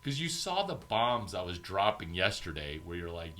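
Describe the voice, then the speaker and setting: A man giving an informal, profane coaching talk as an entrepreneurship mentor, animated and acting out bits of banter. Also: low voice, normal speed.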